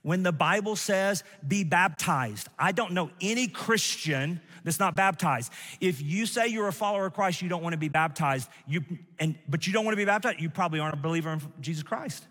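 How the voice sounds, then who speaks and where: A man's voice: high voice, a little fast, a bit bright, in a large hall. A male pastor preaching an emphatic sermon to a congregation, with asides to the listeners.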